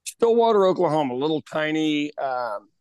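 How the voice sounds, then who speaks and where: A man of about sixty co-hosting a podcast, telling stories in an animated, casual way and laughing often. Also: a little high, normal speed, clean tone, no room sound. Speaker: podcast co-host, pub owner. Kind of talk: casual chat.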